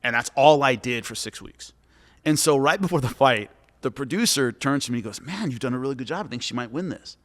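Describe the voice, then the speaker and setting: A man, a former fighter and commentator, giving coaching advice and telling lively stories in a podcast chat, acting out what people said. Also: mid-range voice, a little fast. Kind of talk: animated storytelling in a podcast chat. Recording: long hall reverb.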